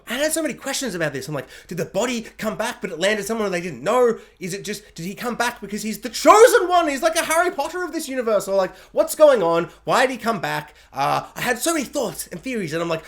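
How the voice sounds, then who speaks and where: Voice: mid-range voice, sing-song, fairly quick, few pauses, a bit bright. A TV reviewer rambling through a casual spoiler recap, full of fillers and acted-out quotes. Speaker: TV show reviewer.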